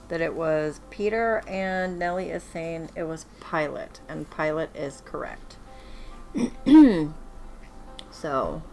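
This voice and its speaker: Low-voiced woman hosting a livestream. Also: vocal fry. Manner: reads multiple-choice questions slowly and chats between them. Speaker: livestream host running a Bible trivia game. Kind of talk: casual livestream chat.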